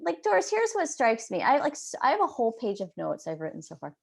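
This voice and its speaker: A woman hosting a podcast, asking questions in an enthusiastic, halting way with many fillers. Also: on the high side, huge pitch swings, creaky, breathy edge. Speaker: podcast host. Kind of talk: casual interview chat.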